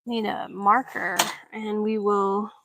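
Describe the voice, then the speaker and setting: Potting seeds in her greenhouse, a middle-aged vlogger talks in a chatty, unhurried way, occasionally turning to address her pets mid-task. Her voice is mid-range and level, with background noise behind it.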